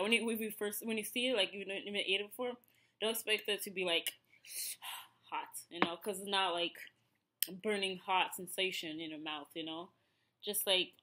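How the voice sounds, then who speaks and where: A woman's voice: medium pitch, pushed and bright. A woman in her thirties with an Ethiopian accent, chatting casually through a snack review with many fillers and restarts. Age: 30s. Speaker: vlogger.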